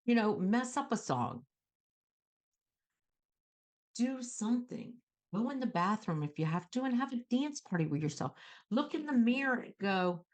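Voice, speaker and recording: A middle-aged woman hosting a self-help talk show, coaching viewers in an animated way and acting out calm self-talk. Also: on the high side, measured pace. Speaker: host.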